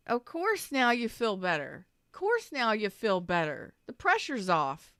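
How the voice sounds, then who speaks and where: Woman, tarot reader, rambling emphatic monologue, curses casually, clear resonant voice, dry close sound. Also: medium pitch, huge pitch swings, measured pace, few pauses, fairly bright tone, no room sound. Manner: rambling and emphatic, repeats phrases, swears casually. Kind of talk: spontaneous tarot reading monologue.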